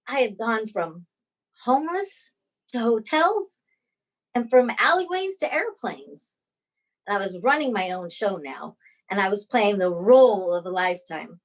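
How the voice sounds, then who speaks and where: A woman performing a dramatic personal story over a video call. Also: mid-range voice. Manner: dramatic, expressive delivery.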